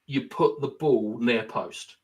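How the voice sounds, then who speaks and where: On a laid-back football podcast he co-hosts, a young man talks through tactics at length, thinking out loud with plenty of fillers. His voice is medium-pitched and slow.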